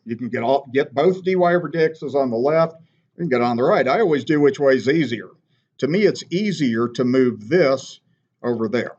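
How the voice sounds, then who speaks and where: A man's voice: medium pitch, darkish tone, highs cut off. A man teaching a math class, patiently walking through steps and checking in with "okay?". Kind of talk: classroom lecture.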